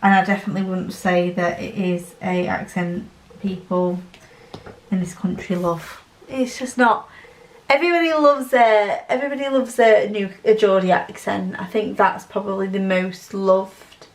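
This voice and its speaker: A woman's voice: medium pitch, fairly even intonation, moderate pace, echoey room, poor audio. A young woman with a Yorkshire accent, chatting casually and rambling with lots of fillers while she works on a craft project for her channel. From Northern England. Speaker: diamond painting channel host.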